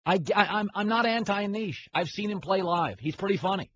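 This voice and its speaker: On this slightly muffled, faintly hissing recording, a sports talk host with a high-sitting voice talks animatedly and a little fast. He rambles and pushes strong opinions, often breaking off mid-sentence to begin again.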